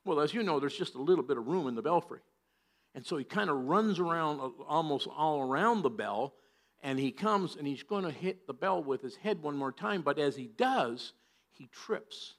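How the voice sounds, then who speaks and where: A man pastor giving a sermon, telling a humorous story in a halting way with many restarts. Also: on the high side, expressive, a bit bright. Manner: halting, repeats words as he restarts.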